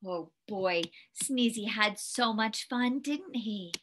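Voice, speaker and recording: A woman reading a picture book aloud to children, very expressive, with gasps and hushed whispery asides. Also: on the high side, takes it slowly, a little hiss or hum. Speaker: storyteller.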